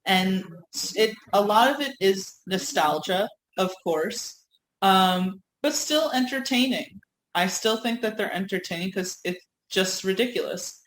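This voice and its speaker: A woman's voice: medium pitch, measured pace, echoey room, slight background noise, rough recording. A woman co-hosting a casual podcast, laughing often and swearing freely as she reminisces. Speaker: podcast co-host. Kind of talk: casual chat.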